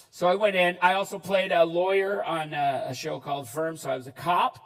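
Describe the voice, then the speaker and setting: Animated Canadian man telling stage stories. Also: high voice, a little fast, hardly any pauses, recorded from a distance, poor audio. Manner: animated, acts out quotes, self-deprecating. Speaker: keynote speaker, actor. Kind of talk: conference keynote storytelling. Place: conference hall.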